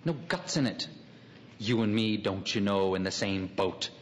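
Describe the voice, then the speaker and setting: A man's voice: on the low side, a little slow, a little hiss or hum, natural voice. A man playing a wry, musing city man. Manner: drifting inner monologue, wry asides. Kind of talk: radio drama acting. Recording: long hall reverb, faint ambience.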